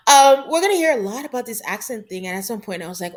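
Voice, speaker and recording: A woman's voice: fairly high pitch, lively intonation, fast, few pauses. A woman co-hosting a podcast, chatting casually through a reality-show recap and laughing often. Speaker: podcast co-host.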